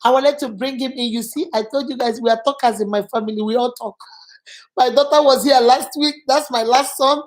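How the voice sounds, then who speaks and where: A woman's voice: high voice, a little fast. A middle-aged woman hosting a channel, giving advice in earnest, emphatic casual talk and repeating words for stress. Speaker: channel host.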